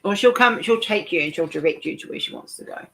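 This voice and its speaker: A woman's voice: fairly low pitch, expressive, fast talker, vocal fry, fairly bright tone, slight background noise, rough recording. Chatty rambling woman host. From New Zealand. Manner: chatty, rambling with many restarts. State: nauseous. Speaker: host of a craft chat stream. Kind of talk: casual chat while diamond painting.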